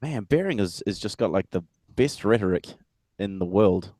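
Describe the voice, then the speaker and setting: A man chatting as a guest on a livestream, blunt and halting with stammered restarts. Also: fairly low pitch, animated, warm tone. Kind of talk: casual livestream chat.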